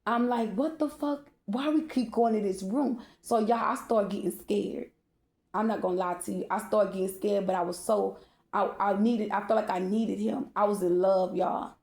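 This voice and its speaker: A woman speaking tells a raw personal story to her viewers, candid and often profane. Her voice is mellow and relaxed rather than bright. The room around her carries a noticeable echo. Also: medium pitch, normal speed. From Baltimore.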